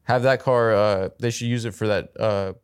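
A man's voice: on the low side, fairly even intonation, moderate pace, smooth. A man co-hosting a comedy podcast, throwing in mumbled, ironic asides during casual banter. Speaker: co-host.

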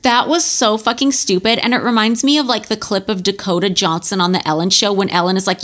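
A woman's voice: medium pitch, steady tone, brisk, hardly any pauses, a bit bright. A woman in her forties co-hosting a podcast, talking candidly and swearing freely. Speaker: podcast co-host. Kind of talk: casual chat.

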